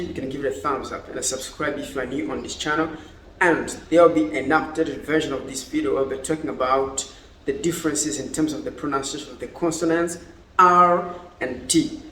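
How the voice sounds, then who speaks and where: A man from Burundi with a Burundian accent, teaching English pronunciation slowly and deliberately, repeating words one at a time. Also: on the high side. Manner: slow, deliberate word-by-word pronunciation drills, switching languages. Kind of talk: pronunciation lesson. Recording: echoey room.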